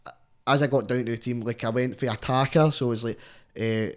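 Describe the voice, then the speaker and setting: Young sweary Scottish rapper guest. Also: male voice, mid-range voice, brisk. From Scotland. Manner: sweary, rambling, animated storytelling. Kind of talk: casual podcast chat.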